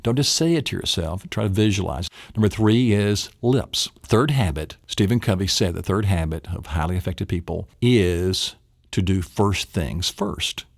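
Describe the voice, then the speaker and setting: A middle-aged memory trainer teaches a memory technique in a low-pitched, creaky voice, staying playful and acting out little scenes in silly voices. The studio sound is clean, with no room sound.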